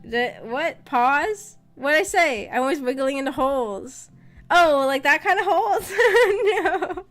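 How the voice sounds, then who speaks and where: A woman VTuber chatting casually on stream, rambling and often laughing, her voice slightly rough after being sick. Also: sits high, lively intonation, takes it slowly, fairly bright tone, faint music behind. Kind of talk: casual live-stream chat.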